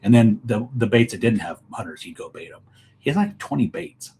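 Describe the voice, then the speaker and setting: Low-voiced man telling hunting stories. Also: lively intonation, brisk, warm tone, a little hiss or hum. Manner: rambling anecdotal storytelling. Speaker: guest, elk hunting expert. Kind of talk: casual podcast conversation.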